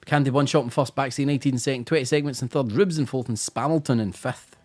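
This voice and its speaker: A man's voice: mid-range voice, quick pace, a little mellow. A Scottish man hosting a casual live-stream quiz, chatty and teasing, tired after a busy day, over faint music. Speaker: quiz host.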